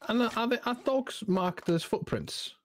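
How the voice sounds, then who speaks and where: A man's voice: high-pitched, normal speed, no room sound. A man playing a co-op game, chatting casually and cracking dry teasing jokes. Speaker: co-op game partner. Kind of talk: casual gaming chat.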